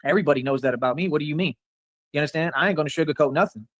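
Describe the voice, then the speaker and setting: Fairly high-pitched and rapid-fire, this Rio Grande Valley, Texas man has a rather bright tone and no room sound around him. He's ranting on a livestream, boastful and rambling, angrily confronting and leaning on the same filler phrases again and again.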